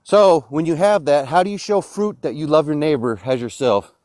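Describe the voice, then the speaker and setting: Insistent preachy man, fairly high voice. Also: moderate pace, dry recording, studio quality. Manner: insistent and preachy, rising to loud outbursts. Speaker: Christian caller in a debate. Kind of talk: heated live-stream debate.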